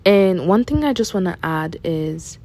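A woman's voice: lowish voice, animated, unhurried, mellow. A woman hosting a personal devotional talk, speaking earnestly and candidly and repeating phrases for emphasis. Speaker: faith podcast host.

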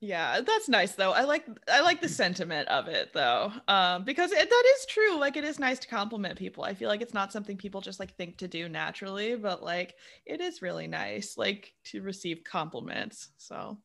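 Giggly woman chatting with lively pitch. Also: normal speed, creaky, hardly any pauses. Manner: giggly, says "like" a lot. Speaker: podcast co-host. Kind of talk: casual chat.

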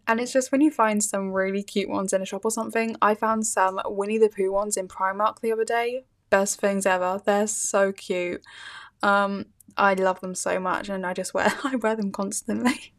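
A young British woman talking casually on her own podcast. She gushes and rambles, with lots of "um"s and "like"s, and her voice sits at an everyday middle pitch. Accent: British English. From United Kingdom. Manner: chatty, gushing, many fillers and little laughs. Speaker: podcast host. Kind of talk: casual solo chat.

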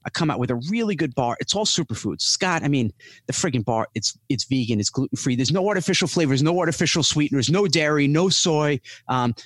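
A man on a podcast speaks in a slightly high voice and tells stories with a lot of life. He slips into raised voices to act out the people he is quoting. The recording is close and dry, with no room sound. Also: brisk, no room sound. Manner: animated storyteller, mimics people in raised voices. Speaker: podcast guest. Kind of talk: casual interview chat.

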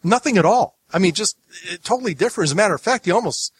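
A man's voice: high-pitched, expressive, rapid-fire, husky, dry recording. A man from the United States hosting a podcast, chatting casually in a rambling way with many restarts. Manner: rambling, lots of restarts and asides. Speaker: podcast host.

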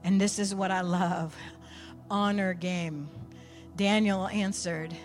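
A woman preaching a sermon, telling a story with animated swings from quiet asides to near shouts. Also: medium pitch, takes it slowly, pauses often, over music.

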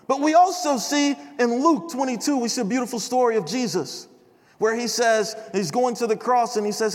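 High-voiced man preaching in a reverberant hall. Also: moderate pace. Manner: conversational, animated storytelling. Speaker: chapel speaker. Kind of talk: sermon with storytelling. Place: large chapel hall.

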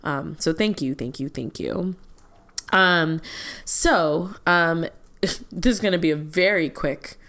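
A woman's voice: low-pitched, slow, a bit bright. A woman co-hosting a podcast, telling stories in a rambling way with plenty of ums and asides. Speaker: podcast co-host. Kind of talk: casual podcast chat.

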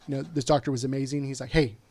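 A man guest telling a personal story in casual conversation, candid and quick to swear, often quoting what others said. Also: mid-range voice, fairly even intonation, a little mellow.

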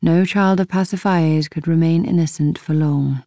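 A woman's voice: deep voice, fairly even intonation, normal speed, warm tone, dry recording, studio quality. Woman playing an earnest young princess.

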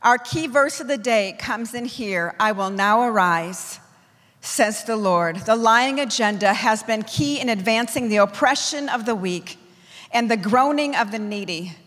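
A woman preacher delivers a forceful, declamatory sermon. Her voice sits somewhat high, and a long reverb trails after her words as if in a large hall. She drives her points home in emphatic, repeated lists. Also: moderate pace. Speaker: apostle preaching to her church.

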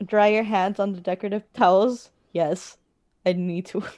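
A woman's voice: mid-range voice, steady tone, moderate pace, a little mellow, no room sound. A young woman chatting casually over quizzes, blunt and teasing, swearing freely. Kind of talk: casual chat doing online quizzes.

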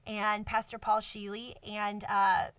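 A woman's voice: medium pitch, flat delivery, slow pace, fairly bright tone, no room sound, recorded from a distance. Woman, faith podcast host, effusive and emotional, dry sound, slightly off-mic. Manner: earnest, effusive, with many fillers. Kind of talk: casual faith podcast monologue. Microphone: microphone in a cardboard box.

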